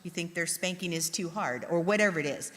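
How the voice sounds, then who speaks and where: Chatty woman telling stories, lively. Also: fairly low pitch, brisk. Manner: chatty, animated, acts out her own reactions. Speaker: pastor's wife, co-teacher. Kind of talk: candid storytelling to a congregation. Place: church sanctuary. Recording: long hall reverb.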